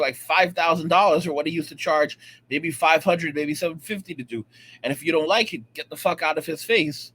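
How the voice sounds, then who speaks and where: A man's voice: a little high, a bit bright. A man ranting casually and profanely to his viewers, rambling and repeating himself, often checking in with "all right?". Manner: profane, rambling, repetitive and emphatic. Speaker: vlogger. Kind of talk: casual rant to camera.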